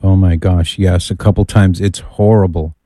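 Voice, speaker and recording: A man's voice: low voice, fairly even intonation, normal speed, mellow, dry recording. A man hosting a call-in radio show, chatting in an easygoing, bantering way. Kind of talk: casual call-in radio chat.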